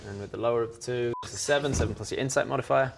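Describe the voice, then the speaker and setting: A man's voice: mid-range voice, very fast, creaky. A man running a tabletop game, explaining rules patiently. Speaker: game master.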